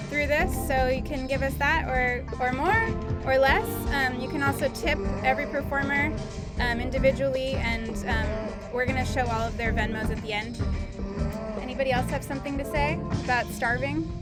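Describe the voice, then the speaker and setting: A woman's voice: sits high, fairly even intonation, moderate pace, loud music behind the voice. Rambling woman comedy host. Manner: rambling, lots of fillers and giggles. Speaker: host and producer of a comedy show. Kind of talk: casual livestream hosting.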